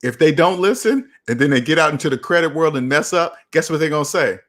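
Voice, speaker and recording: A young man hosting a casual live chat about personal finance, talking in an animated, preachy and repetitive way. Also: fairly high pitch, fast talker. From United States. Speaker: finance channel host.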